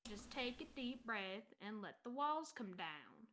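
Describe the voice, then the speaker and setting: Woman playing a tall sunny adventurer guy, fake southern drawl, calm and kinda preachy, bright lively voice. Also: on the high side, unhurried, a little hiss or hum. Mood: earnest, soothing. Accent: put-on American Southern. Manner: soothing, gently preachy. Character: tall, relentlessly cheerful male adventurer. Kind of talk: tabletop role-play.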